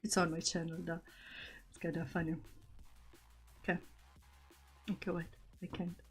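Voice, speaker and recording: A woman's voice: lowish voice, level tone, normal speed, soft background music. A woman hosting a live stream in casual chat, often laughing at herself and reading her own poems aloud. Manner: giggly, self-conscious, breaks into laughter. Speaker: streamer host.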